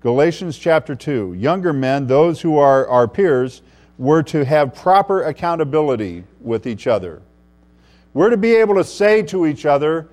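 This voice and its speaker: A man preaching an expository sermon, reading scripture and explaining it, who often drops to a hushed voice for emphasis. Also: on the high side, lively intonation, moderate pace. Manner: preaching with wide swings in loudness, dropping to a hushed voice for emphasis. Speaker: pastor.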